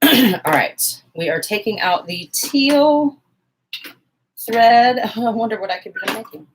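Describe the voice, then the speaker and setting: A woman's voice: medium pitch, animated, moderate pace, slight background noise, rough recording. A woman in her forties, hosting a casual live stream at home, chatting with viewers and joking at herself while she sews. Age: 40s. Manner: chatty, self-mocking, talks to viewers while working. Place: home sewing room, indoors, fan running.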